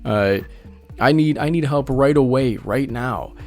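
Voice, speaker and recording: A man's voice: mid-range voice, unhurried, darkish tone, natural voice. Guy putting on a pushy customer voice, whiny and demanding, over game music. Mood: angry. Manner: whiny, insistent, repeating himself. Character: rude impatient male customer, shouting demands.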